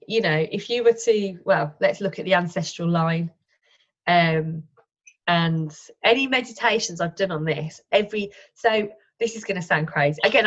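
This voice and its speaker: A woman's voice: medium pitch, highs cut off. A woman, a wellness coach, chatting as a guest in an interview and telling personal stories with many restarts and self-corrections. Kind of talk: casual conversational interview.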